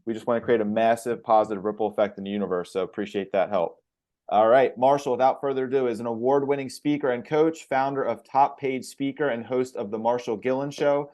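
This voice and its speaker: A man's voice: medium pitch, steady tone, a little fast, darkish tone. A man hosting a podcast, talking in an upbeat, friendly way and cursing casually. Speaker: podcast host.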